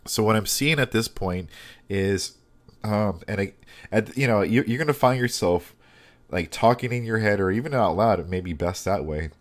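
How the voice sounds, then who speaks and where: Man, very low voice, comic art tutorial, thinks out loud, hesitant restarts. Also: moderate pace. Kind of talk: step-by-step digital drawing tutorial.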